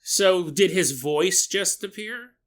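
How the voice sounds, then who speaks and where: A man hosting a solo podcast who is sick with a sore, dry throat. He muses aloud in an animated, joking way and often breaks into laughter. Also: high voice, takes it slowly. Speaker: podcast host.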